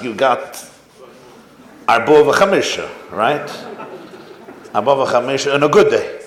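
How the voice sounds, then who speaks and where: This is a man lecturing as a rabbi, with an ordinary mid pitch and an animated storyteller's delivery. He draws his audience in with questions. The recording is echoey and roomy, with faint background noise.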